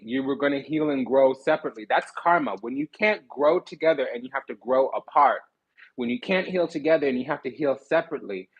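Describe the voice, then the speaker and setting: A man giving a sassy, animated tarot reading, blunt and swearing freely. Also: medium pitch, slightly rough, highs cut off. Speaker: spiritual card reader.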